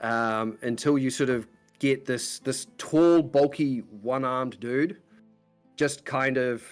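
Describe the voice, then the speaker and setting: A man runs a tabletop game as game master, describing scenes and people at length in a loose, meandering way. His voice sits at an ordinary middle pitch, with faint music playing under him. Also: steady tone, slow pace, clear, resonant tone.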